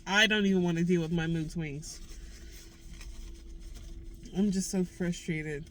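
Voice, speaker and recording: A woman's voice: on the low side, fairly even intonation, unhurried, a little hiss or hum, rough recording. A young woman vlogging candidly, venting raw frustration in casual slang. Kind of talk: candid personal vlog.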